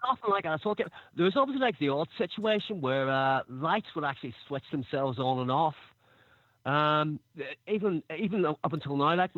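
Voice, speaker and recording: A man's voice: a little high, dry recording, lo-fi sound. A man with a Northern Irish accent, phoning in to a radio show and telling a story in a rambling way, full of fillers. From Northern Ireland. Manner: rambling, many fillers and restarts. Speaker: caller. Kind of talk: phone-in storytelling.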